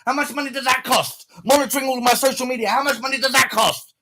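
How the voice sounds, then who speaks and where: A man's voice: very high-pitched, little pitch movement, rapid-fire, sharp tone. A man delivering an angry, swearing, repetitive rant to his viewers. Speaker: streamer addressing viewers. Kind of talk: heated rant to camera.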